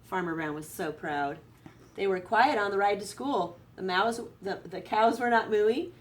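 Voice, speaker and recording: A woman teacher reading a picture book aloud to her students, expressive and lively. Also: mid-range voice, unhurried, a little hiss or hum. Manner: expressive read-aloud, voice rising for excitement. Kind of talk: storybook read-aloud to students. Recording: distant from the microphone.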